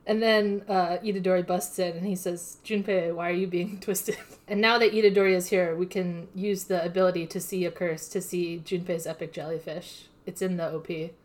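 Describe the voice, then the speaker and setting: A woman co-hosting a casual podcast, recapping episodes in a playful, deadpan way with lots of "like". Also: lowish voice, fairly quick, few pauses. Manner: playful, deadpan summarizing with frequent "like". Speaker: podcast co-host. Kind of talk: casual anime recap chat.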